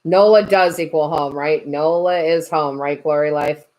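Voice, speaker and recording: Lowish-voiced lady doing a live tarot stream, chatty, giggles all through her stories. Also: normal speed, poor audio. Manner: chatty, animated, laughs a lot while talking. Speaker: tarot reader and medium.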